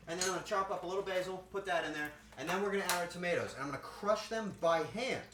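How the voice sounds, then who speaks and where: Cooking live from his home kitchen, a man with a slightly high, fairly bright voice chats playfully and responds to viewers as he works. The room sounds spacious, with a little faint noise.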